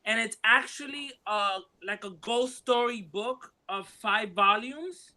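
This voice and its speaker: A woman talks casually on a livestream, wandering through her thoughts with plenty of ums and likes. Her voice is bright and forward. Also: fairly high pitch, slow pace. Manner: rambling, many fillers. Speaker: panel guest.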